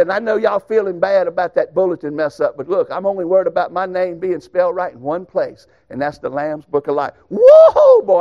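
A man preaches in a folksy, emphatic storytelling manner. His voice sits high for a man. The recording is a little dull and muffled. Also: a little mellow. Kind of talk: sermon with personal stories.

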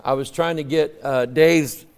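A male preacher delivering a sermon in a folksy, conversational way, swinging from loud emphatic peaks to low quiet asides. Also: steady tone, unhurried, gravelly, clean tone. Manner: folksy, conversational, acts out quoted voices.

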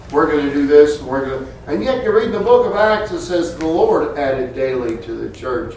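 A man preaching a sermon, slowly building to loud, high-pitched peaks and then dropping to hushed, low phrases. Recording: echoey hall, mic from far off, faint room noise.

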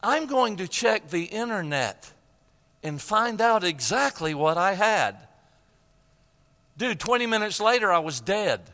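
Older male preacher, high bright voice, heartfelt storytelling sermon, long hall reverb. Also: sing-song, measured pace. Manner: emotional storytelling, preaching with repeated phrases.

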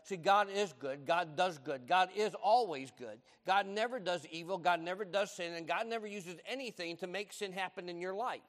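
A man's voice: sits high, moderate pace, few pauses, fairly bright tone. An older man preaching a sermon, emphatic and repeating his key lines. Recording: long hall reverb.

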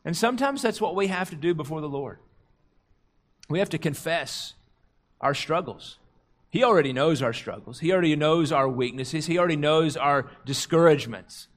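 A middle-aged male pastor delivering a sermon in a somewhat high voice. He talks earnestly, eases into slow, hushed tones for quoted prayer and scripture, then climbs in pitch and loudness to drive a point home. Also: expressive. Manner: rises in pitch and volume when stressing a point.

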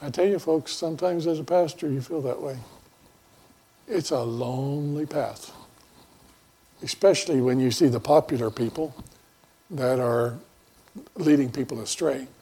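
Husky-voiced folksy pastor. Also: male voice, medium pitch, unhurried, long pauses, dark tone. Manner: folksy, rambling, with many fillers and restarts. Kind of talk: conversational sermon.

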